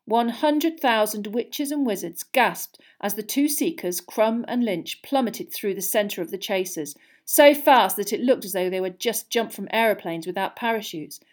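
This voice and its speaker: A woman reading a storybook aloud in steady narration. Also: mid-range voice, moderate pace, few pauses. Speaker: audiobook reader.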